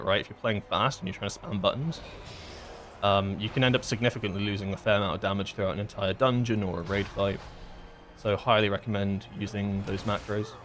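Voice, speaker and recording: A man's voice: on the low side, fairly bright tone. A man streaming a game and explaining mechanics in a casual, rambling way with lots of fillers. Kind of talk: casual gameplay commentary.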